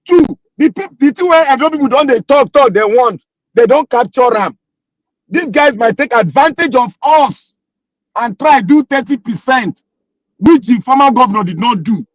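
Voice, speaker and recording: A man's voice: very high voice, animated, normal speed, no echo, rough recording. A man speaking Nigerian Pidgin English in a heated political chat, arguing his point with rhetorical questions. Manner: argumentative, asks rhetorical questions.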